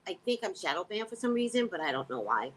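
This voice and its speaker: A woman hosting a casual livestream, talking to her viewers in a blunt, profane, animated way. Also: fairly low pitch, fast, a little hiss or hum, low-quality recording. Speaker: psychic reader and livestream host.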